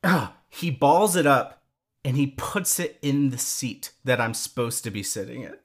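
A man co-hosting a podcast, telling a story in casual chat, animated and quick to swear, with many restarts. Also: mid-range voice. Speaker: podcast co-host.

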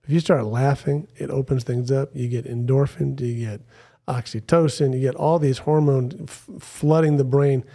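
A man's voice: mid-range voice, steady tone, normal speed, creaky, mellow, breathy edge. A man as a podcast guest, upbeat and jokey, speaking in a studio. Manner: upbeat, jokey, quotes other people. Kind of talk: casual podcast chat. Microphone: studio headphones and mic.

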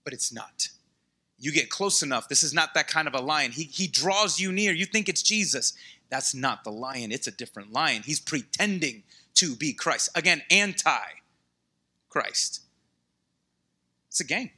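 A man delivers a sermon in a high, very bright voice. He preaches casually and with energy, turning to his listeners with quick asides. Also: husky. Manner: conversational, animated preaching with asides to the congregation. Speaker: pastor.

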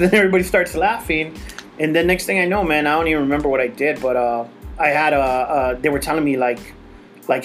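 A man telling a story in casual chat, acting out quotes in a higher voice, swearing and laughing as he goes. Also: a little fast, a little hiss or hum. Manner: animated, acts out quotes in a higher voice; swears freely, laughs while telling stories. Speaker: podcast host.

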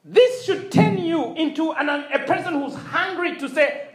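A man's voice: extremely high pitch, lively intonation, a little slow, distant mic. A man preaching a sermon, emphatic, repeating his phrases and calling out to the congregation for response. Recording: echoey room.

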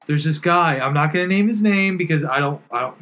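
Ranting man with a slightly high voice. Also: a bit bright, low-quality recording. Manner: blunt, swearing complaints in a quick ranting flow. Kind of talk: casual chat.

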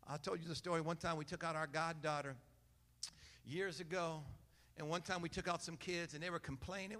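A man's voice: a little high, fairly even intonation, normal speed, pushed and bright, big-room sound. A man preaching a sermon as pastor, repeating phrases and building in energy.

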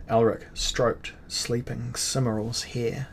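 A man's voice: mid-range voice, level tone, unhurried, few pauses, slight background noise. Man narrating a fantasy audiobook.

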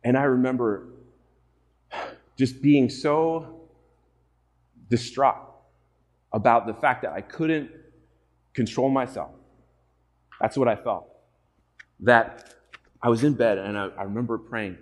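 A man's voice: medium pitch, normal speed, long pauses. A man preaching a sermon as pastor to a congregation, earnest and often putting questions to his listeners.

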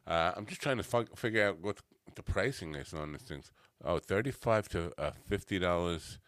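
A man's voice: low-pitched, lively intonation, moderate pace, fairly bright tone, dry recording, studio quality. A man hosting a casual chat show, rambling and self-mocking, easily distracted, coming down from a cannabis edible. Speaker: podcast host.

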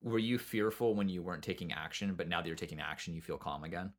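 A man with a lowish voice talks fast and bluntly in a casual business chat, dropping swear words without a pause. He tells his stories with lively energy, and the sound comes through a video call. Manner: blunt, swears freely, animated storytelling. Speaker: painting business owner and podcast co-host.

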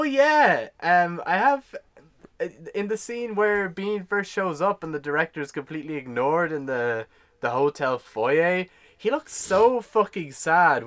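Man, podcast co-host, casual, note by note, giggly, bright and clear tone. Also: fairly high pitch. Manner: laughs often, goes through his notes one by one. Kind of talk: casual chat reading out film notes.

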